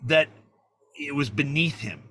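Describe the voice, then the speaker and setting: Bright, animated man telling a story. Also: fairly high pitch, measured pace, slight background noise. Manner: animated, profane, acts out the people in his stories. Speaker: guest filmmaker. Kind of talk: storytelling in a conversation.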